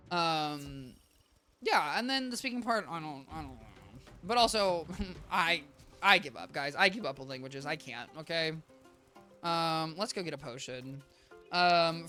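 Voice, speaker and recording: High, bright young male streamer. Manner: rambling and self-deprecating, talks to chat as "guys". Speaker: game streamer. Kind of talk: casual gaming commentary.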